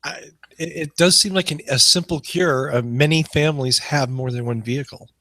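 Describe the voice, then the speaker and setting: A man's voice: fairly high pitch, normal speed, pushed and bright, dry recording. A man co-hosting a car podcast in casual banter, joking and facetious. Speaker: podcast co-host.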